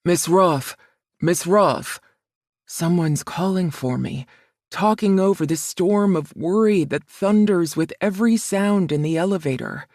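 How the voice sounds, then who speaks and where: Woman reading a romance audiobook, kinda low voice, slow and soft, dry studio sound. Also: no echo. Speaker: audiobook narrator. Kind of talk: first-person romance narration.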